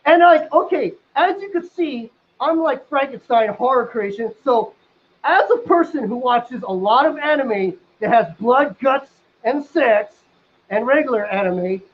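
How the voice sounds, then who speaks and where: A man telling a crude comic story casually, rambling with lots of fillers and bursting into loud excited outbursts. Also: very high-pitched, unhurried. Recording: dull lo-fi sound.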